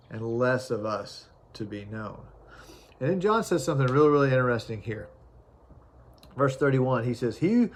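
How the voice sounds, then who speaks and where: A man preaching an informal sermon, reading scripture aloud with frequent fillers and restarts. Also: mid-range voice.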